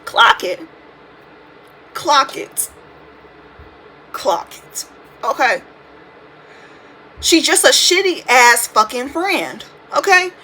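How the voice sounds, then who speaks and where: A woman's voice: sits high, very slow, long pauses, a little hiss or hum, poor audio. A woman in her twenties hosting a podcast, giving a casual, profane, slang-filled rant about a reality TV show. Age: 20s. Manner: animated, profane, ranting with slang. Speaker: podcast host. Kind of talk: casual reality TV commentary monologue. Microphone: phone.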